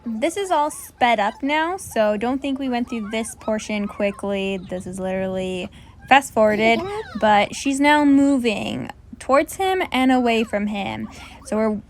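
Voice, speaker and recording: A woman dog trainer giving a calm, instructive voice-over that explains the training. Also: a little high, a little slow, slight background noise.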